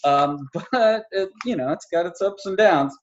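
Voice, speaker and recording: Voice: medium pitch, a little slow, lo-fi sound, a little hiss or hum. A podcast co-host in a casual film review chat, rambling with lots of filler words and frequent laughs.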